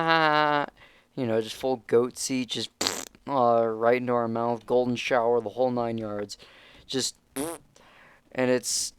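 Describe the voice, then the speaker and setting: Slow-talking young man. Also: medium pitch, smooth, no room sound. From United States. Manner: halting, many restarts and swearing. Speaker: vlogger. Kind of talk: casual rant to camera.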